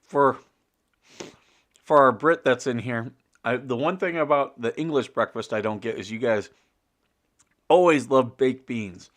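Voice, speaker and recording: A man's voice: mid-range voice, normal speed, long pauses, fairly bright tone. Rambling American man hosting a morning chat. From United States. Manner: rambling, chuckling, many fillers and restarts. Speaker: show host. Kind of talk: casual morning livestream chat.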